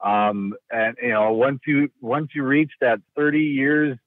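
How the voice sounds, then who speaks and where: A man's voice: mid-range voice, steady tone, measured pace, dry recording. A man from Minnesota, a guest in a casual interview, hesitant with many restarts and fillers. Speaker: guest, county rural initiative coordinator. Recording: tinny phone-like line.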